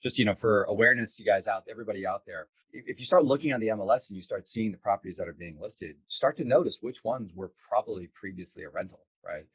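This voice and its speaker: Low-voiced enthusiastic male host. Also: fast, few pauses, breathy edge, dry recording, rough recording. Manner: enthusiastic, affirming. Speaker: podcast host, sales coach. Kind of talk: casual podcast conversation.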